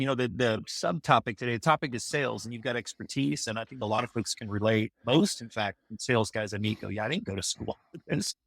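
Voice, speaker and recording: A man's voice: fairly low pitch, no echo, studio quality. A man hosting a podcast interview, enthusiastic and rambling as he builds up his questions. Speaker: podcast host.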